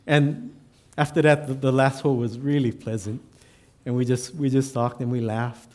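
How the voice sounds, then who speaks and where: Guy preaching, animated storyteller poking fun at himself. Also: mid-range voice, measured pace. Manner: animated storyteller, self-deprecating humor. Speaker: assistant pastor. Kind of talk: storytelling sermon.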